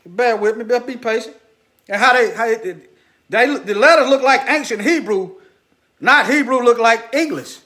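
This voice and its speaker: Guy with a really high voice preaching at his viewers over a screen share, says stuff twice, mumbles to himself while he looks, echoey room. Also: normal speed, sharp tone. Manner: repeats phrases for emphasis, talks directly to viewers; muttering asides while searching on screen.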